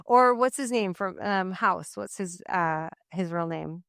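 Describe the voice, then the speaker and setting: A woman's voice: fairly low pitch, measured pace, vocal fry, a bit bright, clean tone, no echo, clean studio sound. A woman co-hosting a podcast, chatting casually and a bit hesitantly. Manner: casual, hesitant, laughs often. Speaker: podcast co-host. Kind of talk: casual chat.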